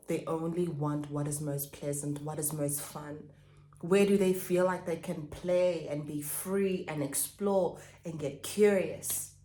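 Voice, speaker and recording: Woman coach with a low voice talking self-help into her camera, repeats stuff for emphasis, roomy echo. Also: dark tone. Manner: reflective and repetitive, stresses key phrases. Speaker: pleasure and spirituality coach. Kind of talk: self-help vlog monologue. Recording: echoey room.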